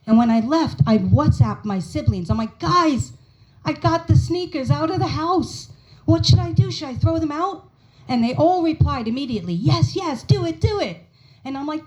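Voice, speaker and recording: An American woman in her forties performs a stand-up set at a small pub comedy night. Her voice sits fairly high and rises and falls a great deal, and she acts out her mother's lines as she tells the story. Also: a little mellow, poor audio. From United States.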